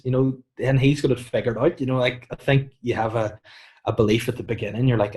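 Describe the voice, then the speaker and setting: Man, Northern Irish accent, comedian guest, casual podcast chat, animated storytelling, deadpan jokes. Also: medium pitch, a little fast. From Northern Ireland. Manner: animated storyteller, acts out quotes, deadpan mock warnings.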